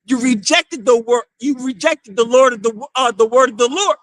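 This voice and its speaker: A male street preacher giving a fiery sermon, shouting scripture lines and saying "all right" after nearly every phrase. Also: very high-pitched, normal speed, no room sound.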